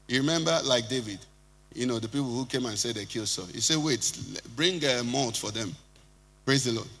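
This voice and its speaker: A man preaching a sermon as pastor, swinging from loud shouting to quiet, low passages. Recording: music behind, long hall reverb.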